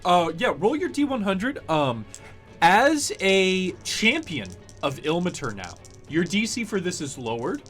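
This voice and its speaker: Male game master, relaxed narration, quiet music bed. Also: sits high, measured pace. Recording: faint background music.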